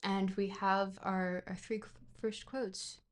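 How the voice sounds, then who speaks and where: Woman streamer, casual livestream book reading, rambling and playful, mid-pitched. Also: level tone, slow pace. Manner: rambling and playful, with frequent fillers and self-corrections. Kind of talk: reading a book aloud on a livestream, chatting between passages.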